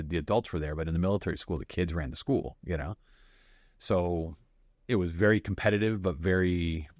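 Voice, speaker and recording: A man in his forties who grew up in Miami speaks as a podcast guest with a low, deep voice. He tells candid stories from his past in an animated way, acting out the people he quotes and laughing often. The sound is close and dry. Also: no room sound. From Miami, United States. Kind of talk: candid storytelling interview.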